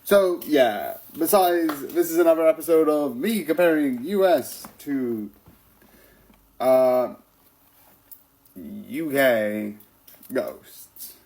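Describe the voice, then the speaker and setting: A man's voice: mid-range voice, slow pace, long pauses, darkish tone, rough recording. A man chatting loosely about a show, voice in an ordinary middle register. He laughs often, trails off and restarts sentences, the easy feel of a home vlog. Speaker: vlogger reviewing TV episodes. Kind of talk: casual rambling commentary.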